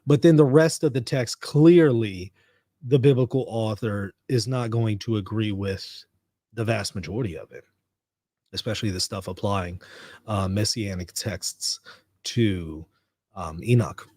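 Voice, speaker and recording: A man's voice: fairly low pitch, measured pace, warm tone, dry recording, studio quality. Chatty American man hosting a livestream. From United States. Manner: conversational, reads chat comments aloud and riffs on them. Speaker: livestream host. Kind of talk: casual livestream chat.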